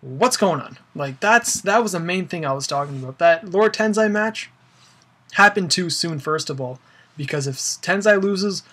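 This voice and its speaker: Young guy vlogging, kinda high voice, rambly and fed up, lots of like and you know. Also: animated, moderate pace, fairly bright tone, breathy edge. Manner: rambling, filler-heavy, exasperated. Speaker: wrestling fan vlogger. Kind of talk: casual opinion rant.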